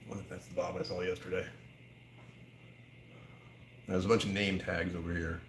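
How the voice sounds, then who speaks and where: A man's voice: low-pitched, level tone, moderate pace, slight background noise. An American man hosting a whiskey livestream, chatting casually, joking and reading viewer comments. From United States. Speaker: whiskey channel host. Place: whiskey bar, indoors.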